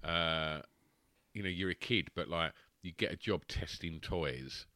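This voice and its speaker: A man's voice: low voice, unhurried, pushed and bright, no room sound, clean studio sound. A man, co-hosting a podcast and rambling enthusiastically about films, swearing freely. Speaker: podcast co-host. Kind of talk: casual banter about films.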